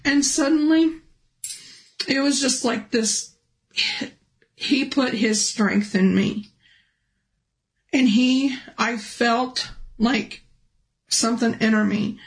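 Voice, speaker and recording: A woman telling a personal testimony in a halting, restart-filled way, her voice rising high and emotional when she recalls pleading. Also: rough recording. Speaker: guest telling a near-death testimony. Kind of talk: personal testimony, casual storytelling.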